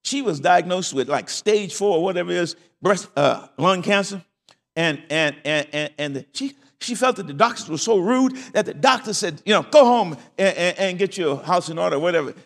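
A man's voice: sits high, animated, moderate pace, vocal fry, a bit bright, long reverb tail. An older man preaching a sermon as pastor, telling stories. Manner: folksy storytelling with laughs.

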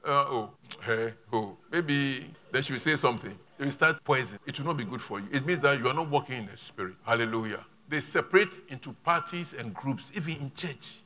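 A male pastor, preaching a sermon with emphatic rises and quiet asides. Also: medium pitch, lively intonation, fairly quick, hardly any pauses.

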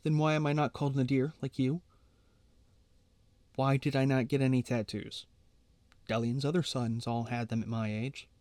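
A man's voice: mid-range voice, little pitch movement, moderate pace, pauses often, a little mellow, no echo, natural voice. A man voicing an anxious brooding teenage boy. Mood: bitter.

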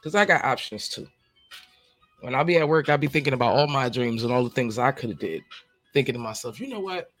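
A man's voice: medium pitch, a little fast, faint music behind. A man, hosting his podcast in a casual monologue. He rambles, jokes and laughs as he talks. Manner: laughing, joking, rambling, lively. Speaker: podcast host.

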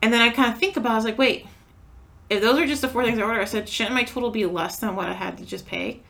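A woman's voice: on the high side, fast, vocal fry, fairly bright tone. A woman co-hosting a podcast, telling a story in casual chat, acting out quotes and swearing freely. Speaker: podcast co-host.

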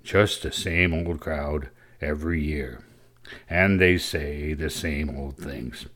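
A man's voice: extremely low pitch, slow pace, fairly bright tone, full character voice. A man reading as a sulky bored boy. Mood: grumbling. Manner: complaining, world-weary. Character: bored sulky teenage boy grumbling about Christmas.

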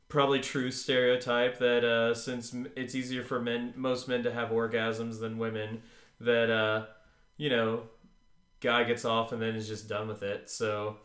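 A man's voice: medium pitch, monotone, measured pace, a bit bright, reverberant. A man co-hosting a podcast in casual chat, rambling and laughing easily. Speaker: podcast co-host.

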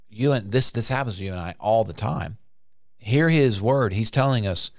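A man preaching a conversational sermon, now and then acting out frantic voices in sudden high bursts. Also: no room sound, clean studio sound.

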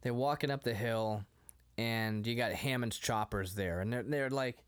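A man in his thirties rambles through a casual movie chat. His voice sits at a middle pitch, and he keeps laughing and breaking into quick acted-out quotes. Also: smooth. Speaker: podcast co-host.

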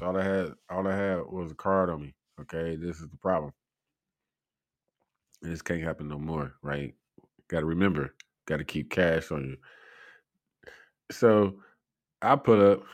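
A man's voice: low-pitched, no echo, studio quality. A man hosting a podcast, telling a rambling story in casual talk and laughing often through it. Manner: loose, rambling delivery full of fillers and profanity. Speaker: podcast host.

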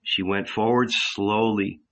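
A man narrating a literary novel in a measured, deliberate way. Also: lowish voice, steady tone, a bit bright, lo-fi sound. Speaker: audiobook narrator.

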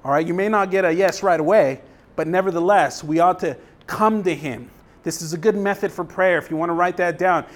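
A young pastor with a fairly high voice preaches in an easygoing, conversational style, stopping to ask the congregation if they follow. When he reads scripture aloud, his voice rises with emphasis. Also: fairly quick. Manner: conversational, checks in with the congregation often. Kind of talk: sermon.

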